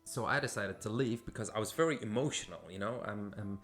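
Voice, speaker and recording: A man's voice: lowish voice, fast, fairly bright tone, soft background music. A man from Syria, hosting a podcast and telling a personal story casually, with many fillers and restarts. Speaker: podcast host.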